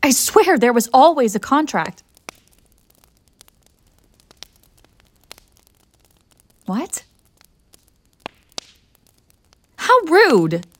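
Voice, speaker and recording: A woman's voice: high-pitched, animated, moderate pace, darkish tone, dry recording. A woman voicing a proud, bored, centuries-old female succubus in an audio role-play for the listener, haughty and theatrical. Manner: haughty and theatrical, defensive when pressed.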